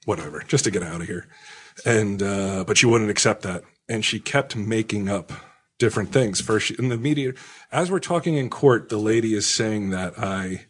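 A man telling a rambling story in casual chat, crude and animated, acting out the people he quotes. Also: on the low side, moderate pace, slightly rough.

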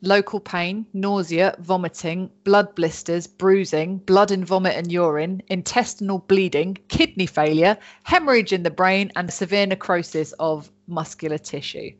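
A woman's voice: on the low side, fairly even intonation, moderate pace, hardly any pauses. A woman, casually telling a story on a chatty podcast and joking and swearing as she goes. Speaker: podcast host. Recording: dull lo-fi sound.

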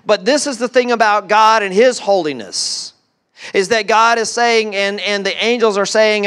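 A man with a voice that sits high preaches as a pastor, animated and loaded with rhetorical questions. Occasionally he slips into quiet asides.

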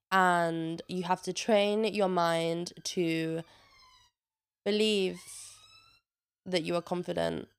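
A woman's voice: lowish voice, steady tone, slow pace, creaky, long pauses, clear, resonant tone. A young woman, chatting in a casual vlog, swearing freely and saying "like" a lot, a little congested. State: a bit congested. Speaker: vlogger. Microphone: own microphone with a noise gate.

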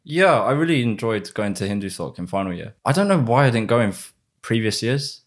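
A man's voice: mid-range voice, sing-song, fairly quick. A man in his twenties, a podcast guest chatting casually and recalling old stories in long rambling runs. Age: 20s. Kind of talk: casual chat.

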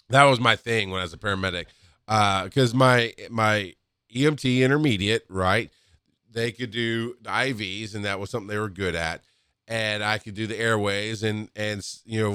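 Guy rambling through old paramedic stories, gets animated, smooth clear voice. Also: dry recording, studio quality. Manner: animated, acts out quotes with rising pitch and laughs. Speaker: former paramedic telling work stories. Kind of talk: casual storytelling monologue.

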